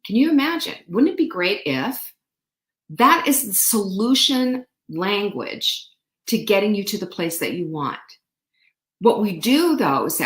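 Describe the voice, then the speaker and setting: A middle-aged woman hosts a live show, talking in an upbeat, chatty way as she coaches listeners and reacts to their comments. Her voice sits at an ordinary middle pitch. The room around her rings with a noticeable echo. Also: lively intonation, unhurried, a bit bright. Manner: upbeat, chatty, reads viewer comments, frequent laughs. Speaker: show host. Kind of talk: live-stream motivational talk. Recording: roomy echo.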